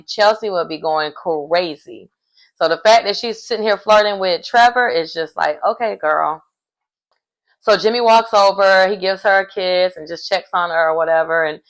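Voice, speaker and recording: A woman's voice: lowish voice, poor audio. Chatty woman recapping reality TV. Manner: chatty and animated, acting out quoted lines. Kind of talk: casual reality show recap.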